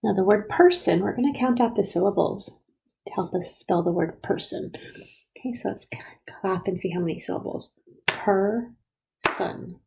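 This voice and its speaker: A woman teaching first graders a phonics lesson, sounding out letters and syllables slowly and sometimes dropping to a whisper. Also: medium pitch, warm tone, low-quality recording. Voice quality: gravelly and husky. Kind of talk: slow, careful phonics lesson.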